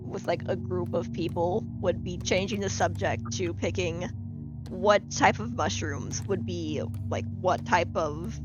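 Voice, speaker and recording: A woman streaming a game, telling stories in a casual, animated way, acting out quotes and swearing freely. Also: on the low side, unhurried, highs cut off, music in the background. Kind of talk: casual gaming chat and storytelling.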